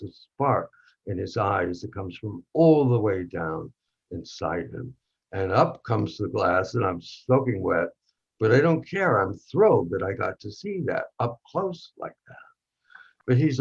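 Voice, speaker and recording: A man reading as a gravelly wistful narrator. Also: lowish voice, full character voice. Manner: intimate, drops to hushed tones for tense moments. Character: wistful narrator recalling a charged night with a film actor. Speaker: actor in a workshop reading. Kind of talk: dramatic monologue reading. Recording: dull lo-fi recording.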